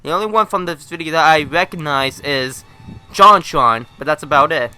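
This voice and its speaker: A man's voice: on the high side, normal speed, pushed and bright, clean tone. A man hosting a reaction video, rambling and joking crudely as he comments.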